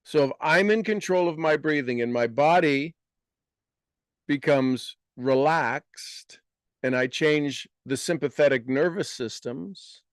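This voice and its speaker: A man giving a motivational talk to an audience, explaining ideas earnestly and guiding listeners through slow, deliberately repeated affirmations. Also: on the high side, dry recording, studio quality.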